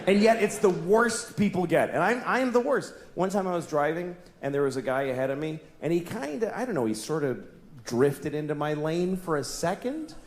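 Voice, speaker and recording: Male stand-up comic, high and animated, confessional with shouted bursts, roomy venue. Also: moderate pace, slight background noise. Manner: confessional, shifts from musing to shouted outbursts. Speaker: stand-up comedian. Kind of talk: stand-up set.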